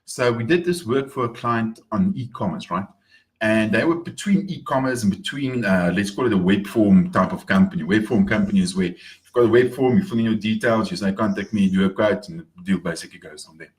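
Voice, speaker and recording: A man's voice: lowish voice, a little fast. A man talking casually in an upbeat morning vlog, repeating words as he goes. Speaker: marketing vlogger.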